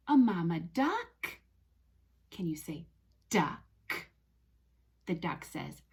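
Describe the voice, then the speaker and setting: Slow, sing-song woman reading to toddlers. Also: lowish voice, very animated, gravelly, husky. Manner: sing-song, exaggerated and slow, with animal sounds and drops to a whisper. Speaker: speech language pathologist. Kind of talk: reading a picture book aloud to young children.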